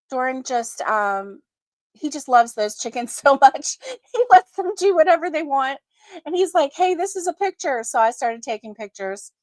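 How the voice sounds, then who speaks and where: A woman hosting a casual crochet livestream, chatting with viewers, giggling often and filling pauses with ums. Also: fairly high pitch, dry recording. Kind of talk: casual live chat with viewers.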